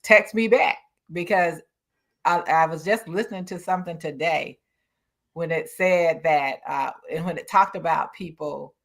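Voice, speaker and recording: A woman's voice: low voice, a little slow, gravelly. Chatty woman laughing easily in talk. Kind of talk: casual chat.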